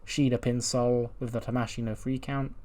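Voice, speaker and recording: A man's voice: mid-range voice, flat delivery, normal speed, darkish tone. A man casually narrating a wrestling management game, recapping results in a chatty way.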